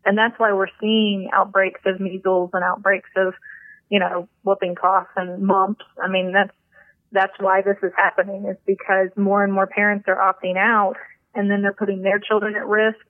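A woman doctor calling in to a podcast, explaining things calmly in casual chat. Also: medium pitch, normal speed, no echo. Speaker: doctor, guest caller. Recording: phone line.

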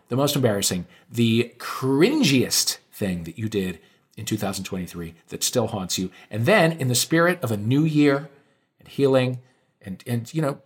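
A man hosting a comedy podcast game, teasing his guests with playful, mock-grand announcements. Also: medium pitch. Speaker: game show host.

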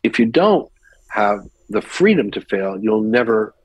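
An older male actor telling stories as a guest on a podcast interview, lively as he recounts anecdotes. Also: on the low side, unhurried, breathy edge, no echo, rough recording. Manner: animated anecdote teller, mimics voices in quotes.

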